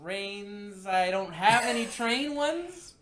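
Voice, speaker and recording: A man co-hosting a casual movie podcast, laid-back and quick to laugh. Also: high-pitched, animated, sharp tone. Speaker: podcast co-host. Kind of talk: casual chat.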